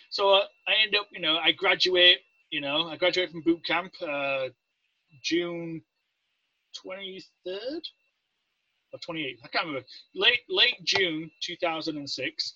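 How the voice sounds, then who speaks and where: Unhurried and a little high in pitch, a Navy veteran from Leeds, England, speaks with an English accent as a guest in a casual interview. He tells his stories with animation, acting out quoted voices, on a dry, dull lo-fi recording with no echo.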